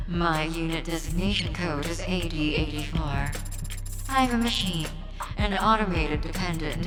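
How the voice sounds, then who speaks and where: A woman's voice: sits low, big-room sound, poor audio. A woman doing a stately robot judge. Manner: formal, stately, slow pronouncements. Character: female robot judge, cheerful then sulky.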